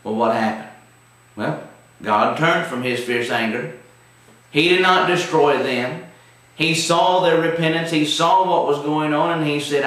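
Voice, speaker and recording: A man's voice: medium pitch, slow, pauses often, a bit bright. A man teaching a televised Bible study in a folksy, emphatic way. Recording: very echoey room, distant mic.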